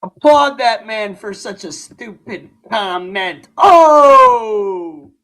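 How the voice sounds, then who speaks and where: A man hosting a live-stream reaction, mocking what he watches with loud outbursts and laughs. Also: high-pitched, animated, extremely slow.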